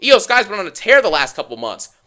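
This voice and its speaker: A man's voice: sits high, very animated, brisk, sharp tone. A young man ranting sarcastically to his viewers, exasperated and mocking the people he recaps in funny voices. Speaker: wrestling commentator ranting to viewers.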